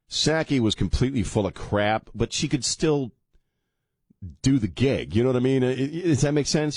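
Deep, gravelly talk radio host. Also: male voice, a little mellow, no room sound, studio quality. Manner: sarcastic, mocking, rambling with many restarts. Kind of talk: rambling talk radio monologue. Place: radio studio. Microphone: studio microphone.

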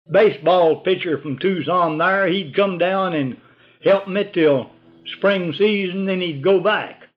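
An older man, telling a hunting story in a rambling, folksy oral-history style. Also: sits high. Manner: folksy, rambling, drops to a hushed voice for whispered lines. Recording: dull lo-fi recording.

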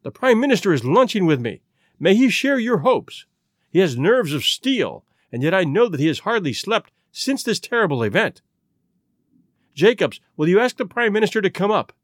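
A man reading the part of an excitable, insistent government secretary, his voice lifting high and loud. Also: moderate pace, no echo, studio quality. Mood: agitated.

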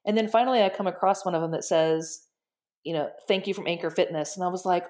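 A woman guest in casual interview chat, telling stories in an animated, excited way. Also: on the low side, quick pace. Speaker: guest, shelter director.

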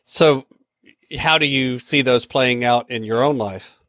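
Bright-voiced male podcast host. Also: mid-range voice, a little slow, dry recording. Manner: brief affirmations, asks questions. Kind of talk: interview questions.

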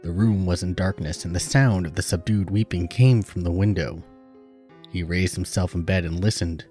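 Low-voiced man narrating a story. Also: fairly even intonation, normal speed, warm tone, faint music behind. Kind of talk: audiobook narration.

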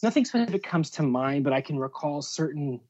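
With a fairly high, a little mellow voice and lively intonation, a booking agent briskly recounts his music industry career in a relaxed interview. He wanders, using many fillers and restarts, and the sound is dull and lo-fi.

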